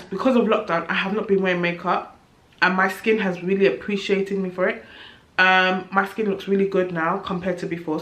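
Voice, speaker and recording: A young woman vlogger talks candidly and with some exasperation in a review vlog, now and then laughing at herself. Her voice is mid-range and a bit bright, and the room has an echo.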